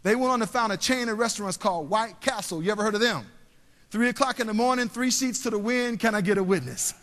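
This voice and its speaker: High-voiced man giving a motivational keynote. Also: fast talker. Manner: preacher-like call and response with the audience; storytelling, drops quiet and soft for emotional parts. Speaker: keynote speaker. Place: large convention hall. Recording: long hall reverb, live stage.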